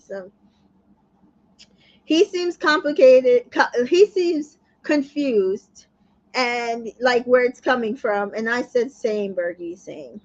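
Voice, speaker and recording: A woman's voice: on the high side, highs cut off. A woman hosting a casual reality TV recap, chatty, full of fillers and asides. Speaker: recap show host.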